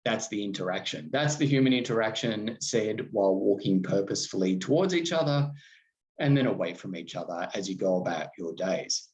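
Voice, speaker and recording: A man's voice: fairly low pitch, moderate pace, darkish tone, lo-fi sound. A man hosting a solo podcast, talking in a conversational, reflective way with restarts. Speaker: podcast host.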